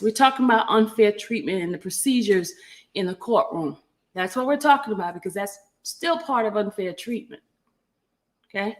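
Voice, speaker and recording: A woman hosting a casual livestream, chatting with viewers by name and reading documents aloud, stopping now and then to cough. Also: medium pitch. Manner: chatty, greets viewers by name, apologetic asides. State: coughing, catching her breath. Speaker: livestream host.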